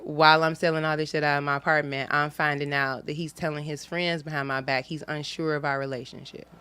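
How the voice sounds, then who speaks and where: A woman's voice: low voice, little pitch movement, a little fast, bright, forceful tone, slight background noise. A woman comedian telling a personal story in casual studio chat, acting out the dialogue. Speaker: guest comedian.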